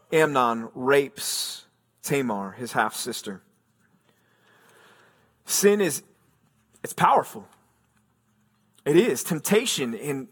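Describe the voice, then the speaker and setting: A man's voice: fairly high pitch, a bit bright, slightly rough. A man preaching a sermon as pastor, reading scripture aloud and then explaining it in an earnest, emphatic way.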